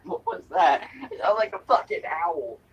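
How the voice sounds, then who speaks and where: A young adult live streamer at home, chatting playfully with goofy noises and sudden loud outbursts. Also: mid-range voice, lively intonation, normal speed, husky, far from the mic, lo-fi sound. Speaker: live streamer reviewing snacks. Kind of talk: silly, rambling live-stream chat. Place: indoors at home, other people upstairs.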